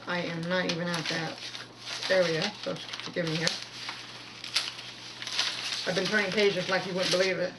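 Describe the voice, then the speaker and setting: Lady doing a casual faith talk, rambly, trying to be loud, sounds far off the mic. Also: fairly low pitch. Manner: rambling, many restarts, pushes to speak loud. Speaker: devotional video speaker. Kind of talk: casual devotional talk with prayer. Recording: voice from far off the mic, faint noise.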